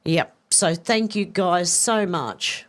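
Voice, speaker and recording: A woman's voice: on the low side, lively intonation, takes it slowly. A middle-aged Australian woman hosting a casual live stream, reading viewer comments aloud with effusive, chatty thanks and a slightly congested voice. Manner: chatty, effusive, warm thanks, many restarts. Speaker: livestream host.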